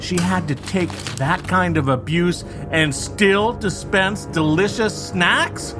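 A man's voice: high-pitched, slow pace, music in the background. A man voicing a stiff, self-important female studio robot in a comedic game show podcast. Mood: prim. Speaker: sound effects robot sidekick.

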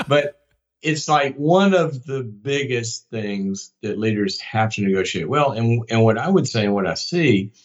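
A man's voice: mid-range voice, animated, measured pace, lo-fi sound. A man speaking as a guest psychologist in an interview, joking and often repeating words as he gets going. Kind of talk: casual interview talk.

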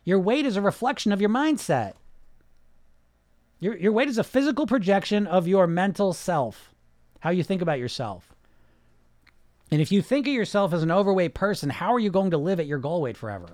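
A man's voice: high-pitched, very animated, brisk, darkish tone, no room sound, clean studio sound. Blunt, profane male podcast coach. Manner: blunt, profane, fires rhetorical questions; mocks listeners with put-on whiny voices. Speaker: weight loss coach and podcast host. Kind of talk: casual podcast monologue.

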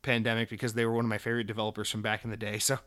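A man's voice: lowish voice, monotone, rapid-fire, fairly bright tone. Exasperated, profane male podcast host. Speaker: gaming news podcast host. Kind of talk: casual opinionated news rant.

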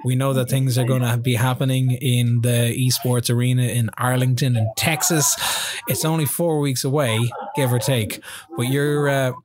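A man's voice: mid-range voice, fairly even intonation, moderate pace, background noise. A man hosting a casual sports podcast, chatty, with many fillers and restarts. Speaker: podcast host.

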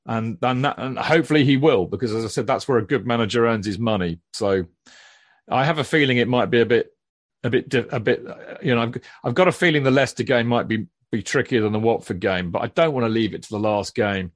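A man in a mid-pitched voice makes his points with emphatic repetition. The recording is dry and close, with no room echo. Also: fast. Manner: emphatic, repeats phrases for weight. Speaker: podcast co-host. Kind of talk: casual football chat.

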